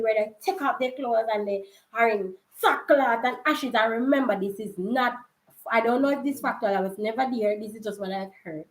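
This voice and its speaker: A young Jamaican woman telling a story in a casual vlog, chatty and quick to laugh, slipping into patois. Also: a little high, fairly bright tone. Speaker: vlogger. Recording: roomy echo.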